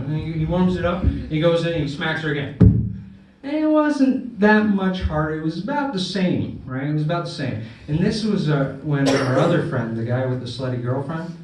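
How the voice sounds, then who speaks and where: A man's voice: a little high, animated, measured pace, heavy reverb, far from the mic, low-quality recording. A man doing a stand-up comedy set, telling a crude story and checking in with "right?" along the way. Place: comedy club stage.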